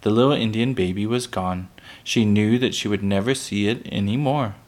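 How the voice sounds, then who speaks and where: A man reading a children's book aloud, unhurried, with small slips that he corrects. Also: fairly low pitch, a little mellow.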